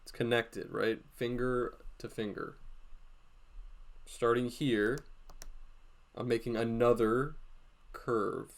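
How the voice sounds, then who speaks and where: A man giving a casual live drawing lesson, walking through each step out loud with lots of "like" fillers. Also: medium pitch, fairly even intonation, slow pace, pauses often. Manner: thinks aloud, step-by-step, frequent "like" fillers. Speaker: drawing instructor streaming a class.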